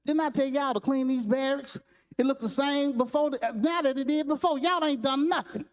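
A man's voice: high-pitched, expressive, moderate pace. A man voicing a blustering middle-aged male Marine sergeant who scolds and barks orders. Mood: scolding. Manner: fussing, scolding, barking orders.

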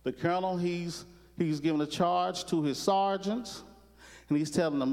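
A man's voice: high-pitched, fairly even intonation, moderate pace, a little mellow, in a large hall. A male preacher telling a story in a conversational, repetitive sermon.

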